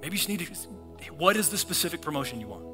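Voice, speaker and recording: A male pastor preaching a sermon in a church auditorium, animated and acting out the voices of the people in his stories. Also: a little high, fast talker, over music. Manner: animated, acts out voices in scripture and prayers.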